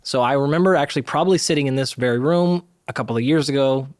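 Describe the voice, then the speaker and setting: A man hosts a podcast interview, earnest and openly admiring of his guest. His voice is at an ordinary pitch. The recording is dry, with no room echo. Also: fast. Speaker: podcast host. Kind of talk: interview conversation.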